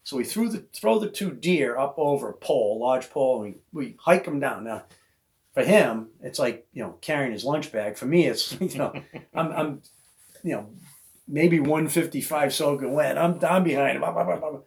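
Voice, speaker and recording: A man hosting a podcast, telling a hunting yarn in relaxed, casual conversation. He talks at an everyday middle pitch and jumps into high, loud voices whenever he plays the other people in the story. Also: moderate pace, gravelly. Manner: animated storyteller who acts out voices of others. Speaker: podcast host.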